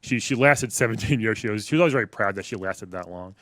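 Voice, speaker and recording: A New York stand-up comedian in his forties performs on a comedy club stage before a live audience, talking fast in a fairly low, slightly bright voice with no echo. His set is wry and conversational, and he riffs with the crowd.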